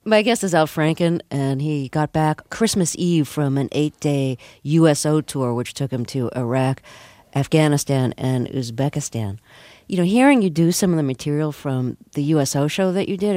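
A woman hosting a radio interview, prompting her guest in a measured, attentive way. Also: low voice, animated, warm tone, dry recording.

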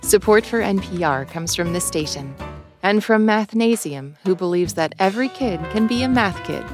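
A woman announcer reading sponsor messages in a neutral, even way. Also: medium pitch, normal speed, faint music behind. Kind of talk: underwriting announcement.

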